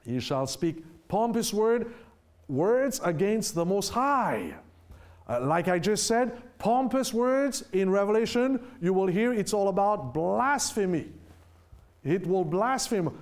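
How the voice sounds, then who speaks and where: Emphatic high-voiced male preacher. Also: darkish tone. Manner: emphatic, asks the listeners rhetorical questions; reads scripture aloud slowly with heavy stress. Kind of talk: sermon.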